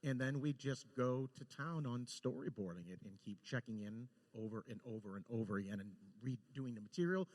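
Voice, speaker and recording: A man, a storyboard director, telling lively anecdotes and acting out the quotes with laughter. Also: medium pitch, a little fast, few pauses, big-room sound. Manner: animated, laughing, acts out quotes.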